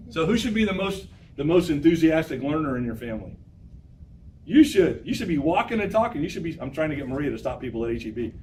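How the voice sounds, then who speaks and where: A man lecturing a college class as a professor, energetic and exhorting, repeating his phrases for emphasis. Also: fairly high pitch, distant mic, slight background noise, rough recording.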